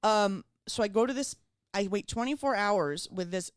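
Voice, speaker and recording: A woman's voice: mid-range voice, moderate pace, smooth. A young adult woman guest on a talk show, telling a story with lots of "like" fillers. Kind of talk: casual chat, storytelling.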